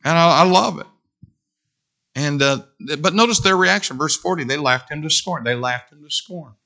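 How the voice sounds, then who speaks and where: Gravelly, animated male preacher. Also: a little high, normal speed. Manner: animated, preaching with whoops and asides. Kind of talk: sermon.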